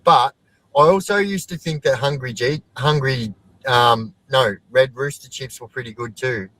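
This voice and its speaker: A man with an Australian accent chats enthusiastically as a guest on a casual livestream, swearing now and then. His mid-range, fairly bright voice is unhurried, and the recording quality is low.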